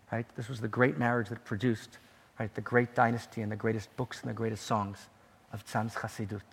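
Husky guy preaching through a story, dramatic, keeps saying right, big echoey hall. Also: medium pitch. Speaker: teacher. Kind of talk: storytelling sermon. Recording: long hall reverb.

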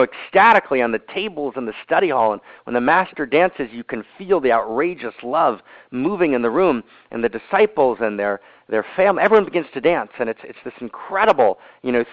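A man's voice: mid-range voice, dry recording. A man leading a group call as a spiritual teacher, telling a story with emphatic repeated phrases and frequent "you know" and "right?". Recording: tinny phone-line audio, dry.

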